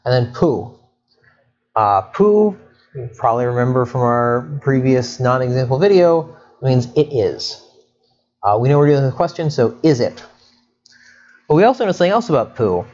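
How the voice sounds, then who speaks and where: A man's voice: mid-range voice, normal speed, pauses often. Chatty male Egyptology lecturer, slightly muffled. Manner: lively, chatty teaching with asides and self-corrections. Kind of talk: explanatory lecture.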